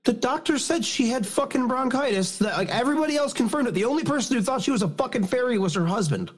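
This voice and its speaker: A man's voice: extremely high pitch, lively intonation, fast talker. A Canadian man co-hosting a podcast in casual chat, blunt and swearing often. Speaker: podcast co-host.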